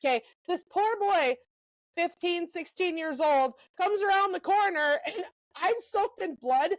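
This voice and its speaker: A young woman co-hosting a podcast, telling animated stories in a casual chat, full of "um" and "like". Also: extremely high pitch, no room sound, rough recording. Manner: animated storyteller, lots of "um" and "like", quick asides. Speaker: podcast co-host.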